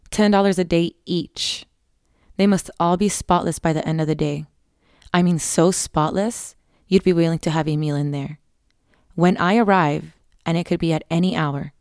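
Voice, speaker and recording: A cold, businesslike woman boss barking clipped orders, as a woman reads her. Her voice sits low and gravelly, dry and close. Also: a little mellow, dry recording, natural voice.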